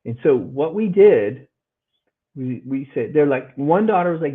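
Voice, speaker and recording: A man's voice: fairly high pitch, lively intonation, a little slow, husky. A middle-aged man, a podcast guest, earnestly retelling a hard story and acting out what people said. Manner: earnest, retells dialogue in raised voices. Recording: phone-like audio line.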